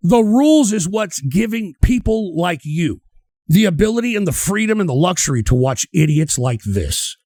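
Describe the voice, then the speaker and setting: A man's voice: sits high, big pitch swings, moderate pace, dark tone, dry recording. A man streaming, reacting to clips with heated, sneering, swear-filled ranting. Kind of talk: profane ranting commentary.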